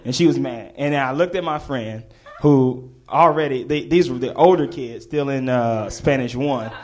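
A man's voice: mid-range voice, moderate pace, a little mellow. A man telling a comedic story to a live audience, laughing and acting out the voices of the people in it.

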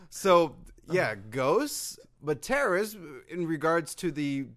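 A man's voice: on the high side, sing-song, slow pace, a bit bright. A man co-hosting a casual podcast, throwing in dry wisecracks. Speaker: podcast co-host. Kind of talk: casual chat.

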